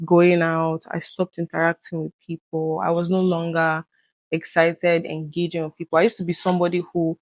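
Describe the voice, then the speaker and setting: A woman's voice: on the low side, moderate pace, dry recording. Woman, guest, candid conversation, earnest, acts out past talks, dry close sound. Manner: earnest, reenacts conversations with lively quoted voices.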